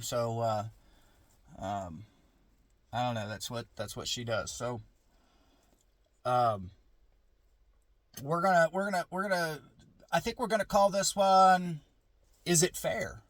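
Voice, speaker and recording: A man's voice: medium pitch, fairly even intonation, a little slow, long pauses, fairly bright tone, no echo. Middle-aged man, casual rambling vlog, parked car in a garage, dry close sound. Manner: rambling, restarts, philosophical asides. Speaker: vlogger. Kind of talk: casual musing monologue.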